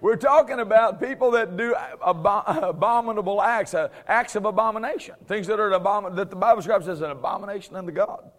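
Male preacher, high-pitched, conversational Bible teaching, frequent chuckles, sarcastic humor with firm emphasis. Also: fairly quick, few pauses.

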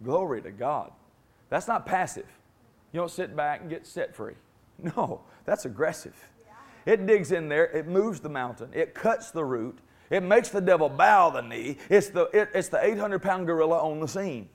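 A male preacher with a notably high voice delivers a sermon in a forceful, emphatic way. He hammers phrases over and over and calls on his congregation to answer back. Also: lively intonation, normal speed.

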